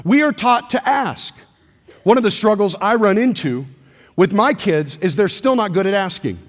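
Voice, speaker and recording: A man's voice: high-pitched, animated, normal speed, in a large hall. A man in his thirties, a pastor preaching a sermon with call-and-response to his church.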